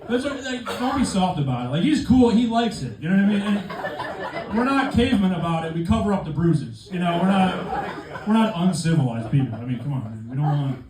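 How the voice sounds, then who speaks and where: A young man with a high voice performs a stand-up set in a club, very animated and brisk, with self-deprecating humor and conversational asides. He's recorded from far off in an echoey club room, with crowd laughter.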